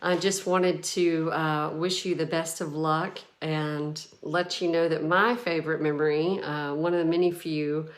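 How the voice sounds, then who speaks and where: Woman, low and slow, playful and affectionate message. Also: level tone. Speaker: family friend giving a tribute. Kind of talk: recorded video message.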